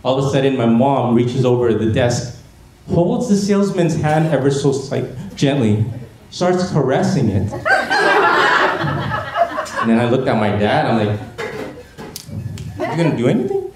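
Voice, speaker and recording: A man's voice: mid-range voice, expressive, unhurried, pauses often. Man doing stand-up in an echoey hall. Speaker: stand-up comedy student. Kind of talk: stand-up comedy set. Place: gala stage before a laughing audience. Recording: echoey hall with audience noise.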